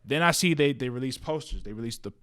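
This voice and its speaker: This is a man of ordinary pitch co-hosting a casual podcast about movies and TV. He talks in a loose, slangy way, stacks repeated words and restarts sentences as ideas come. The tone is relaxed banter between friends. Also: quick pace. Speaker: podcast co-host.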